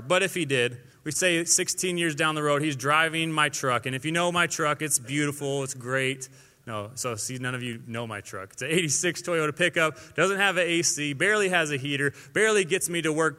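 A young man preaching a sermon in a lively, conversational way, acting out quotes as he goes. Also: on the high side, big-room sound.

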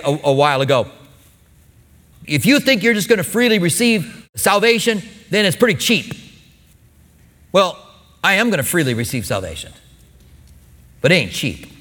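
A middle-aged man preaching a sermon with emphatic stresses and quiet asides. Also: on the high side, big pitch swings, brisk, pauses often. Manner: emphatic, swings from loud stresses to soft asides. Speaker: pastor. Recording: long hall reverb.

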